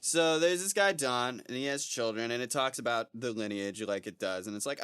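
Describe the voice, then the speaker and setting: A man co-hosting a book podcast, chatting in an animated, joking and profane way. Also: medium pitch, brisk, hardly any pauses, clear, resonant tone, no room sound, clean studio sound. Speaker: podcast co-host. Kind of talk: casual chat.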